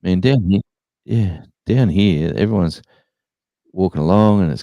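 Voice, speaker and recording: A very low, gravelly Australian man tells rambling stories in a relaxed live-stream chat. His voice is dark and mellow, and it sounds dry and close. He fills his talk with ums and restarts. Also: moderate pace, dry recording, muffled recording. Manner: rambling storyteller, many fillers.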